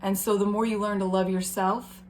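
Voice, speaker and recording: Gentle encouraging woman card reader. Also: medium pitch, level tone, normal speed, a little hiss or hum. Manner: gentle, encouraging, emotional, talks to viewers as guys. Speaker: tarot reader. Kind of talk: spiritual card reading.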